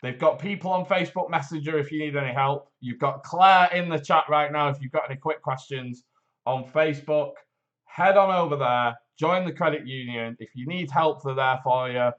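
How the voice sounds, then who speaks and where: Guy hosting a home livestream, jokey and self-mocking, slightly high voice, dull lo-fi sound. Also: moderate pace, fairly bright tone. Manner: rambling, self-deprecating, jokey. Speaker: host of a local live show. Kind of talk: casual live-stream chat with read promotion.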